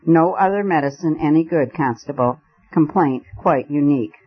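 A man's voice: a little high, moderate pace, husky. Man doing a haughty dignified lady. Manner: indignant, dignified. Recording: dull lo-fi recording.

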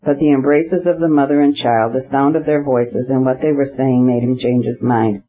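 Here a man's mid-range voice carries an audiobook of a classic novel at an even, measured reading pace. The sound is a little muffled.

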